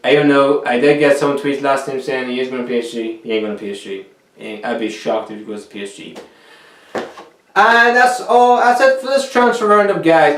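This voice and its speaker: A man's voice: a little high, echoey room, recorded from a distance. A man chatting casually to viewers about football transfers, joking as he goes. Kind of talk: casual football commentary vlog. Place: room cooled by two big fans.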